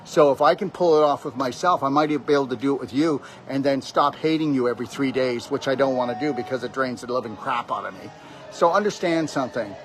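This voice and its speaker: A man's voice: mid-range voice, quick pace, faint music behind. A man delivering a rambling, emphatic motivational monologue on natural health, preaching straight at the listener. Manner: preachy, emphatic, keeps addressing the listener directly.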